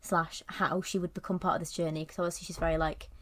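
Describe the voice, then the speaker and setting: A woman's voice: fairly low pitch, flat delivery, fast talker, fairly bright tone. A young woman co-hosting a podcast, chatting casually about a film with lots of "like" and "kind of" and frequent giggles. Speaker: podcast co-host. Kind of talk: casual film review chat.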